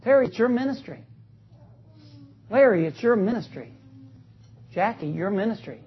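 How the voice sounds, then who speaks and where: A man preaching an energetic sermon in a church, joking with the congregation and calling for responses. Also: high voice, normal speed, husky. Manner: calls out to the congregation, joking, rising to loud exclamations. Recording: dull lo-fi recording.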